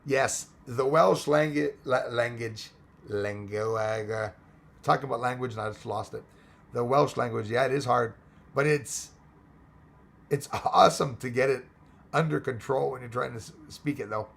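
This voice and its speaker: A man hosting a casual livestream, reading out chat names and greetings, his voice going hoarse and rambling between English, French and Spanish. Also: mid-range voice, measured pace, a bit bright. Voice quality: gravelly, hoarse voice. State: losing his voice.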